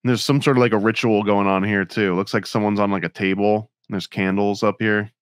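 A man's voice: lowish voice, flat delivery, fairly quick, clear, resonant tone, dry recording, clean studio sound. Laid-back laughing man on a podcast. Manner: laid-back, laughs often, lots of fillers. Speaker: podcast host. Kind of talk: casual podcast chat.

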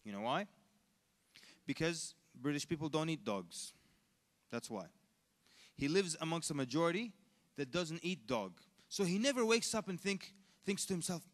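Animated preacher in a reverberant hall. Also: male voice, on the high side, normal speed. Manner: animated storyteller, jokes and mock voices, laughs. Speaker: Islamic preacher. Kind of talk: lively convention talk with acted quotes. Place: large convention hall.

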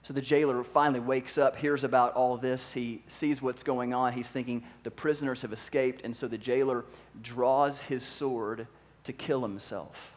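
A pastor preaching a sermon in an animated way, acting out voices and asking the audience questions. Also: male voice, medium pitch, moderate pace.

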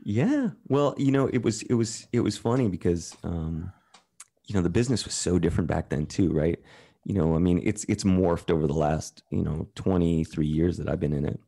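This Canadian guest on a talk podcast has a low, creaky, warm voice with a breathy edge and talks at normal speed. His casual storytelling is frank and profane, and he voices the people he quotes.

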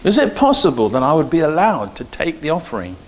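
This middle-aged pastor's voice is on the high side, fast, with huge swings in pitch. Preaching in church, he mixes personal stories with exhortation that becomes more and more emphatic and preachy.

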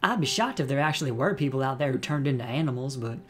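A man's voice: mid-range voice, animated, quick pace, fairly bright tone, husky. A man voicing a chatty young female cryptid-hunting vlogger in a put-on Southern US accent, breezy and rambling. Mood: folksy.

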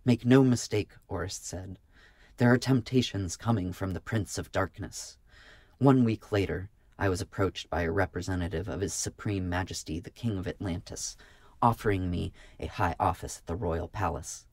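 A man voicing a young male healer and warrior monk in an audiobook, speaking in a solemn, measured way. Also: sits low, a little mellow, no echo.

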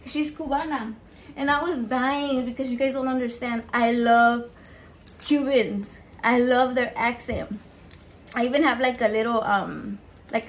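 Cooking and chatting at a moderate pace, a woman of Mexican heritage who vlogs about home cooking speaks in a slightly high voice. There's some faint background noise. She curses freely, stays animated, and switches into Spanish words now and then.

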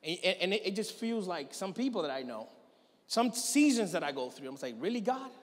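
Male pastor, sermon, high-pitched voice, animated storytelling, long reverberant church hall. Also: brisk.

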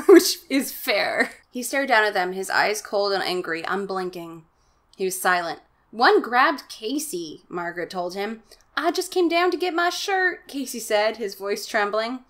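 A young woman reads a children's horror story with theatrical flair, breaking off into sarcastic, profane commentary. She hams up the characters' lines in exaggerated put-on voices. Her voice is bright and tense. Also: on the low side. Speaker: host reading a children's horror book aloud. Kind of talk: comic dramatic reading with asides.

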